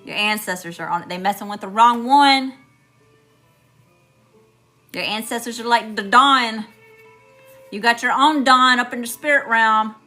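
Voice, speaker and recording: A woman's voice: fairly high pitch, unhurried, long pauses, pushed and bright, soft background music. A middle-aged woman with a Southern US accent, giving an emphatic live tarot reading straight to her viewers. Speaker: tarot reader.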